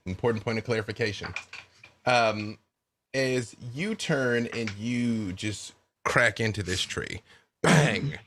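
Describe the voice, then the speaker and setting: A man's voice: mid-range voice, a bit bright. A man narrating a tabletop game as game master, playful and descriptive.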